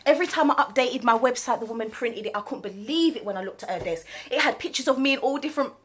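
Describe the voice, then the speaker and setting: Mum ranting to camera, husky breathy voice, kinda rambly. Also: female voice, a little high, fast, fairly bright tone. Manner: indignant, rambling storytelling. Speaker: vlogger and small business owner. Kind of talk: casual chat to camera.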